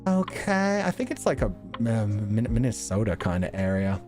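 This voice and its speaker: A man chatting casually on a livestream, jokey and quick to laugh as he reads out donations. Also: lowish voice, soft background music. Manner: animated, laughs often, jokey. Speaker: streamer.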